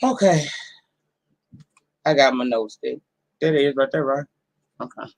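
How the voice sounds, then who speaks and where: A woman in her forties hosting a casual live stream from home, her voice hoarse from a cold, talking in a sassy, profane way straight to her viewers. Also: very deep voice, measured pace, darkish tone. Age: 40s. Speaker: livestream host.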